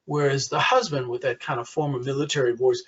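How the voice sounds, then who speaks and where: Guy presenting to caregivers over a muffled lo-fi webinar mic, kinda husky, lotta uhs. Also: medium pitch, steady tone, fairly quick, fairly bright tone. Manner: conversational, with frequent fillers.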